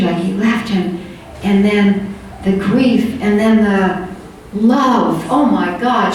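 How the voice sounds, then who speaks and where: A woman's voice: mid-range voice, darkish tone. An older woman giving a conference talk, telling stories in a loose, conversational way with many fillers. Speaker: conference speaker. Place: conference hall. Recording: echoey hall from far off with faint room noise.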